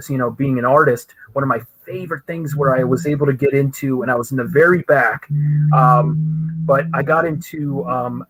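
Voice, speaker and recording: A man as an interview guest, telling stories animatedly with many fillers and raising his voice to act out what he and others said. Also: rough recording. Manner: animated, full of fillers, acts out quoted voices higher. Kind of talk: casual storytelling in an interview.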